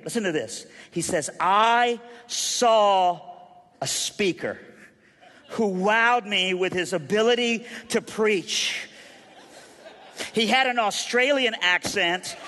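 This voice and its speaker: A man preaching a sermon, swinging between loud emphasis and hushed intensity, with joking asides to the congregation. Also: on the high side. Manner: humorous asides to the audience. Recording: long reverb of a large hall.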